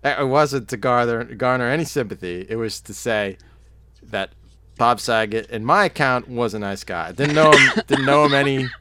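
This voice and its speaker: A man's voice: mid-range voice, moderate pace, sharp tone, a little hiss or hum. A man co-hosting a podcast, telling rambling stories in casual chat, laughing often and mimicking people. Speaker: podcast co-host.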